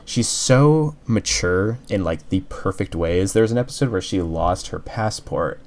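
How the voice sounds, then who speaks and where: Man with a somewhat low voice, chatty earnest reviewer who rambles and restarts. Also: lively intonation, a little slow, a little mellow. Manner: rambling, heavy use of "like", frequent restarts; earnest, openly emotional. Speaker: anime reviewer. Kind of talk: casual spoken review.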